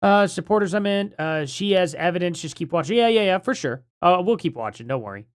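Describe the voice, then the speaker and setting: A man's voice: high-pitched, lively intonation. Musing man hosting a live reaction. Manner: musing, halting, filler-heavy. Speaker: livestream host.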